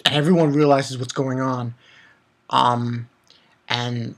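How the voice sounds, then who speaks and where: A man hosting a casual manga review vlog. He laughs often and swings between loud outbursts and mumbled asides. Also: mid-range voice, slow pace, long pauses. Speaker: manga reviewer, channel host.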